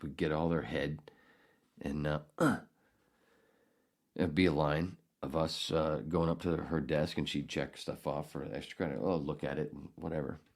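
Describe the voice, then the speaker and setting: A middle-aged man hosting a podcast, telling a story in a casual, profane, animated way with bursts of outrage. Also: a bass voice, moderate pace. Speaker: podcast host.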